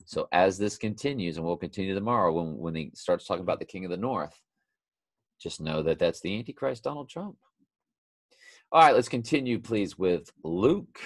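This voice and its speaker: A man's voice: low-pitched, expressive, moderate pace, husky, dry recording. A man hosting a daily Bible study, reading scripture aloud and breaking off for earnest, off-the-cuff remarks to his listeners. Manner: reads aloud, then adds off-the-cuff remarks; earnest, addresses listeners as folks and y'all.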